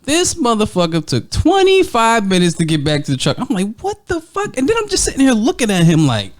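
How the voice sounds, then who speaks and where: A man co-hosts a podcast and tells a work story, swearing freely and acting out his own reactions. His voice sits fairly high for a man. His pitch leaps wildly between lines. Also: wildly swooping pitch, brisk. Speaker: podcast co-host. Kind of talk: casual storytelling chat.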